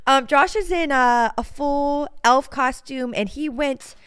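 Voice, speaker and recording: A young woman with a slightly high voice co-hosts a casual podcast chat. She giggles often and drifts from one story to the next in a loose, rambling way. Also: takes it slowly, a bit bright. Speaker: podcast co-host.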